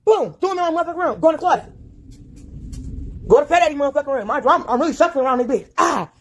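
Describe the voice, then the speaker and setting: The clip being played features a woman with a high, animated voice tearing through a furious rant at very high speed. Her cursing never lets up, and she keeps repeating herself in agitation.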